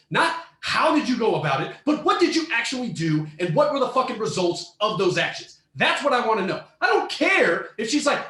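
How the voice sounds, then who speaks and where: A man co-hosting a podcast, ranting with heavy profanity and frequent shouting as he reacts to a story. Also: extremely high pitch, echoey room. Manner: profane, heated, often shouting. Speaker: podcast co-host. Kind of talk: ranting commentary on a reader story.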